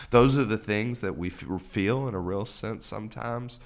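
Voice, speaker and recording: A man's voice: fairly low pitch, normal speed, few pauses, a bit bright. A man co-hosting a faith-based podcast, talking earnestly with repeated encouraging phrases. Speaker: podcast co-host.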